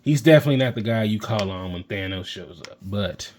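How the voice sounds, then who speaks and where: Deep-voiced man, excitable toy reviewer, rambling, faint room hum behind. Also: fairly quick. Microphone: handheld camera mic.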